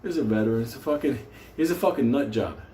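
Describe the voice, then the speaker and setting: A man's voice: mid-range voice, lively intonation, fast, mellow. A man from New York telling a story casually, swearing constantly and laughing through his words. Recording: roomy echo, faint hum.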